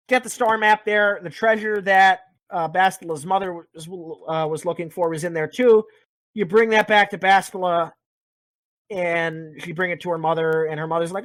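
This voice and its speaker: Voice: medium pitch, steady tone, moderate pace, fairly bright tone, no room sound. Profane, rambling game recapper. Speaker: podcast host.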